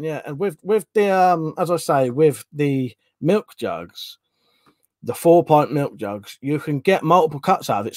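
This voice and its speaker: A man's voice: a little high, no echo. A man hosting a casual livestream, rambling and chatty as he reads out chat messages and swears offhand. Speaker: livestream host reading chat.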